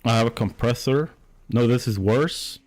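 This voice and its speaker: A man's voice: mid-range voice, moderate pace, darkish tone. A man live-streaming a game from a room at home, chatting casually and rambling while he tests and moves his desk mic. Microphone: desk mic, moved around while talking.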